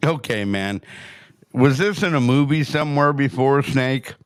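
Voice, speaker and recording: A man's voice: mid-range voice, expressive, unhurried, smooth, no room sound, studio quality. A man hosting a show, chatting casually and explaining a played story, with some swearing. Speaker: host reacting to a clip. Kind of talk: casual commentary.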